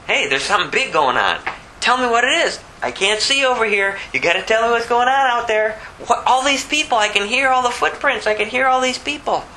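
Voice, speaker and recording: A preacher acting out a desperate blind beggar. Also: male voice, very high-pitched, lively intonation, a little fast, a little hiss or hum, pitched above the performer's own voice, heavily acted, low-quality recording. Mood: pleading. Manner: pleading, shouting, insistent. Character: desperate blind beggar man crying out loudly.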